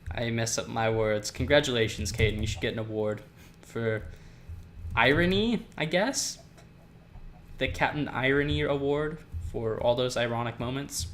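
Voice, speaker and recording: A man's voice: mid-range voice, fairly bright tone, a little hiss or hum. A man hosting a gameplay video, chatting casually with rambling, self-mocking jokes.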